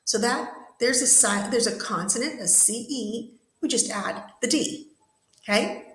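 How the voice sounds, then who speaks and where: A woman's voice: on the high side, a little slow, a bit bright, roomy sound, rough recording. A woman teaching an English grammar lesson in a classroom, patiently repeating and spelling out words. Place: classroom with whiteboard.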